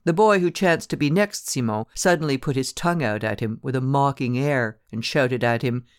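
A man narrating a classic short story in a measured, steady storytelling manner. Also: mid-range voice, clear, resonant tone, dry recording, clean studio sound.

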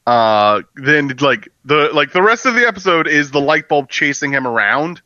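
Man, podcast co-host, casual chat, bright tense voice, dry slightly dull recording. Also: a little high, normal speed, no room sound. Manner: animated, profane, jokey storytelling. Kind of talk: casual chat recapping a cartoon.

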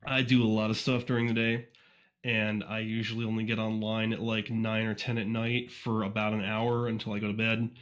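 A man's voice: lowish voice, little pitch movement, a little fast. Rambling self-deprecating man on a podcast. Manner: rambling, self-deprecating, lots of fillers and restarts. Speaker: podcast guest, fan fiction reviewer. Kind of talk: casual interview.

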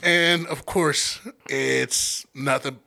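A man's voice: medium pitch, very slow, gravelly. A man telling a rowdy story in casual chat, swearing freely and laughing along. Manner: profane, animated storytelling with a laugh.

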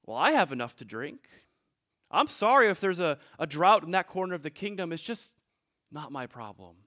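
A proud young prince with a haughty, lilting voice that swings widely in pitch, as a man puts him on. He sounds like a storybook figure, and his careless pride can tip into frantic pleading. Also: very animated, normal speed, sharp tone. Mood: smug. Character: proud young prince, selfish then panicking.

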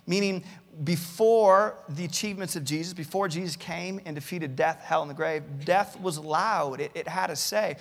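A man's voice: on the high side, normal speed, gravelly, hardly any pauses, long reverb tail. A male pastor preaching a sermon, earnestly reading out many Bible verses and often repeating words as he starts a thought. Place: church campus, large hall.

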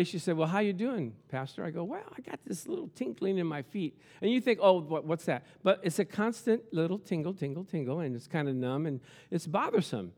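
A male pastor preaching a sermon, animated and storytelling, at times shouting. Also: high voice.

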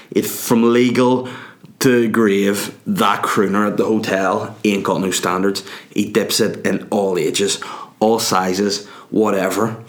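Man, young, comic monologue, crude, tangential, somewhat low voice. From Ireland. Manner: crude, tangential, full of asides.

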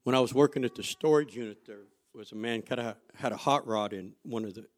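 A man preaching a sermon, asking the congregation rhetorical questions and telling stories from his own life, going from loud emphasis to quiet asides. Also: mid-range voice, brisk. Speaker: pastor.

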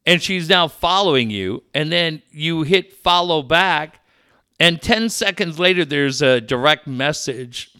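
Lively, bright-voiced male podcast co-host. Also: on the high side, unhurried, clean tone, dry recording, clean studio sound. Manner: animated storytelling, swears, laughs often. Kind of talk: casual banter.

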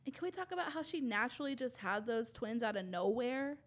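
A woman's voice: a little high, lively intonation, fairly quick. A young woman in casual chat, gushing and swearing freely as she talks with friends.

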